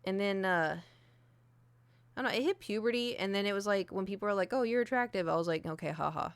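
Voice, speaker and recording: A woman's voice: medium pitch, quick pace, clear, resonant tone, no room sound. A young adult woman streaming, chatting candidly and self-deprecatingly with lots of fillers. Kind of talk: casual chat. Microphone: desk mic with ring light.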